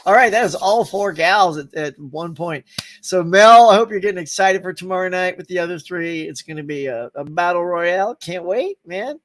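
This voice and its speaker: A man with a high voice hosts a casual live stream. He laughs a lot, reads viewers' comments aloud and greets each viewer by name in a friendly, upbeat way. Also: moderate pace, a bit bright, slight background noise. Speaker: host of a live stream show.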